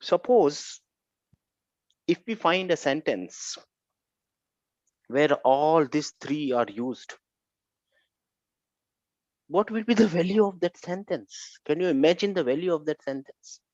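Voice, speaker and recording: A man's voice: a little high, animated, slow pace, long pauses, darkish tone, no room sound, lo-fi sound. A man teaching an Arabic grammar class online, questioning students and repeating key phrases.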